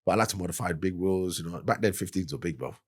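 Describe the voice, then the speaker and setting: Podcast guest, London man, rapid husky delivery, lower voice, street slang storyteller. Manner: animated, laughing, fast street slang. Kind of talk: casual storytelling.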